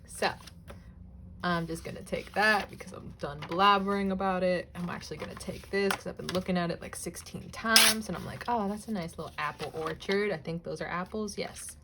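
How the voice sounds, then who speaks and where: A woman's voice: lowish voice, brisk, noisy background. Giggly rambling young woman crafting. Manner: rambling, giggly, swears casually, slips into soft whispers. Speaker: crafting vlogger. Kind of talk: casual chatty crafting vlog.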